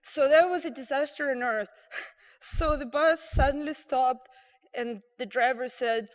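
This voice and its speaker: A woman telling animated, amused stories to a live audience. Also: sits high, moderate pace. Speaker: storyteller. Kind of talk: live storytelling. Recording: reverberant live venue.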